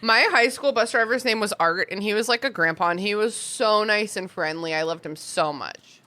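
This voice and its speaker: A woman co-hosting a casual podcast, her voice bright and forward. She reads listener letters aloud and talks things over in an animated, giggly way. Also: medium pitch, normal speed. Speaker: podcast co-host reading listener mail. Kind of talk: casual chat.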